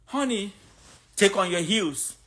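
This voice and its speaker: A woman's voice: medium pitch, slow. A woman from Africa in her thirties, giving a blunt, outspoken opinion monologue to a phone camera. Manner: blunt, outspoken, animated storytelling. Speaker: social media creator.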